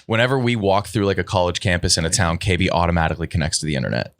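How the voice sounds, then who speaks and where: A man's voice: low voice, racing, a bit bright, dry recording. A man chatting on a podcast, making crude wisecracks. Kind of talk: casual podcast banter.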